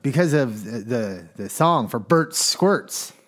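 Goofy, lively podcast co-host man. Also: mid-range voice, slow. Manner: goofy, laughing, swearing, breaking into silly voices. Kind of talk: comedic podcast banter. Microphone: studio microphone.

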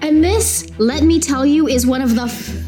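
A woman's voice: high voice, moderate pace, dark tone, soft background music, pitched above the performer's own voice, natural voice. A woman voicing a young cheesemonger who is sweetly polite but exasperated. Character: young woman cheesemonger, patient until furious.

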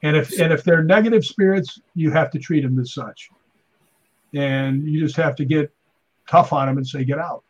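A middle-aged man, a stuntman and paranormal investigator, telling animated stories in casual chat and acting out voices. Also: a little high, normal speed, husky, lo-fi sound.

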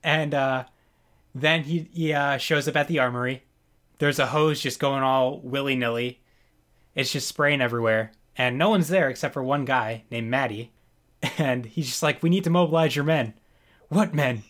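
Relaxed podcast co-host retelling a scene. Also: medium pitch, normal speed. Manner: relaxed, laughs often, retells scenes in quoted voices. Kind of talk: casual chat, show recap.

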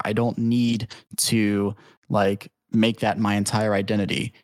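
A man talks casually on a podcast, recapping a show with loose, rambling energy. He swears freely and slips into quick mock voices for the characters. The sound is dry and close with no room echo. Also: fairly low pitch. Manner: rambling, profane, animated retelling. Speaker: podcast guest.

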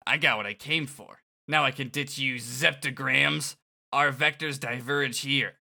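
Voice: mid-range voice, steady tone, unhurried, gravelly, sharp tone, heavily acted. Someone doing an aloof math-obsessed loner. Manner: dry, dismissive. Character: aloof, nerdy male genius who speaks in math terms.

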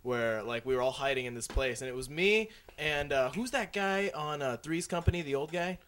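A man's voice: on the high side, normal speed, fairly bright tone. Laid-back male podcast guest. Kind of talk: casual podcast chat.

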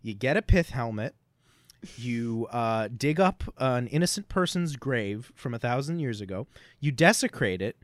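A man co-hosting a casual podcast chat, talking in an animated, sarcastic way with frequent swearing. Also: mid-range voice, normal speed, no room sound, clean studio sound. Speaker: podcast co-host.

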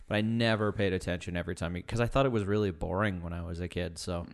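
A man co-hosting a podcast in casual chat, animated and quick to joke and question. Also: low-pitched. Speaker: podcast co-host.

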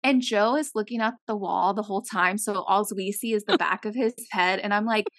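A young woman co-hosting a podcast, telling a casual story and acting out quotes with big jumps in pitch. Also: a little fast, fairly bright tone, no room sound. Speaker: podcast co-host.

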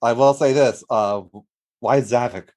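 A man's voice: mid-range voice, unhurried, a little mellow. Hesitant man in casual chat. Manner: hesitant, many fillers and restarts. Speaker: guest animator.

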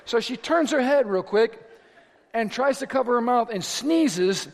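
A middle-aged man preaching a sermon, telling stories with animated, sometimes shouted asides. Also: very high-pitched, a little slow, background noise. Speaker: pastor. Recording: echoey hall recording.

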